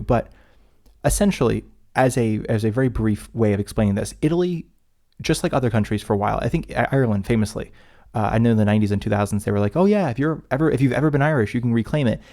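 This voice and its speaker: A man's voice: medium pitch, quick pace, mellow. A man co-hosting a podcast in casual chat, rambling and often breaking off mid-sentence. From United States. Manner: rambling, self-interrupting, chatty. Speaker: podcast co-host.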